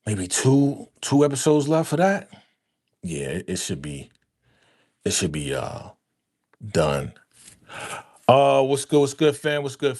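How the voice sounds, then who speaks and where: A man chatting on a live stream in a loose, slangy way, addressing his viewers as fam and repeating phrases. His voice sits at an ordinary middle pitch for a man and is picked up close on a podcast microphone. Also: darkish tone. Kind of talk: casual live-stream chat. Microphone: podcast dynamic microphone.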